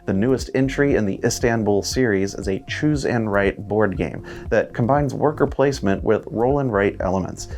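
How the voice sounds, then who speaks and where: Male host for a news roundup, steady scripted read, low voice. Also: normal speed, few pauses, soft background music. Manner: steady read-aloud delivery.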